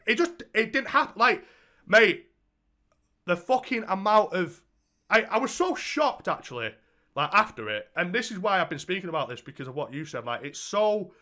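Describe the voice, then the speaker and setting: Bright-voiced young man, swearing storyteller. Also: sits high. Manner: swears heavily, animated storytelling. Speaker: podcast co-host. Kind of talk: casual chat.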